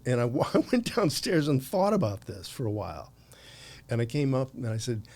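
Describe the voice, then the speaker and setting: This American podcast guest in his sixties is very animated, talking fairly quickly in a medium-pitched, darkish voice. He tells long anecdotes conversationally, with many laughs and restarts.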